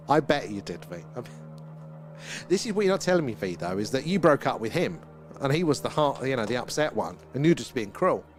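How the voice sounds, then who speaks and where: A man's voice: mid-range voice, very animated, moderate pace, soft background music. Chatty British man hosting a livestream. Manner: chatty, reads out viewer comments, laughs often. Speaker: livestream host. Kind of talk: casual live-stream chat.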